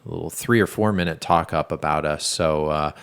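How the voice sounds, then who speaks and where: A man with a deep, low-pitched voice co-hosts a casual podcast. He rambles along in loose chat and often restarts his sentences. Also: moderate pace, creaky, fairly bright tone, clean tone. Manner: rambling and chatty, with frequent restarts. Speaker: podcast co-host.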